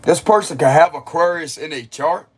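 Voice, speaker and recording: A man's voice: fairly high pitch, moderate pace, slight background noise. A young man giving a casual, rambling spiritual reading on a livestream and chatting loosely with his viewers, laughing often as he goes.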